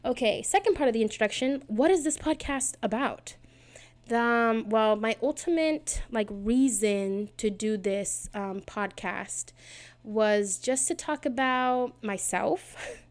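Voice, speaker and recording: A chatty woman in her twenties hosts her own podcast from a small home setup. She rambles, jokes at her own expense and talks quickly. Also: on the high side, animated. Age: 20s. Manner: chatty, rambling, self-deprecating, fast-talking. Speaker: podcast host. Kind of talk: casual solo podcast chat.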